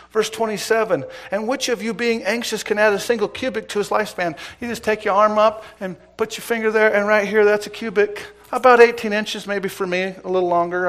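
A middle-aged male pastor delivering a sermon in a slightly higher-pitched voice. He poses rhetorical questions to his listeners and moves from loud, pressing emphasis to softer, confiding remarks. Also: steady tone, brisk. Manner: preaching with rhetorical questions and swings in loudness.

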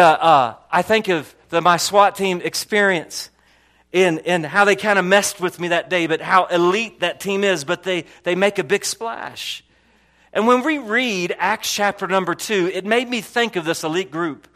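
A man preaching a sermon as pastor, telling a story with many restarts and fillers, his voice dropping low and then rising to loud bursts. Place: church hall.

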